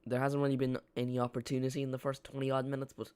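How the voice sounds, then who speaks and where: A young man talks over a live football match, chatty and dry, with self-mocking jokes between calls of the play. His voice sits at an ordinary middle pitch. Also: monotone, very fast, a little mellow, smooth. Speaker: live watch-along host. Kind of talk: casual live match commentary.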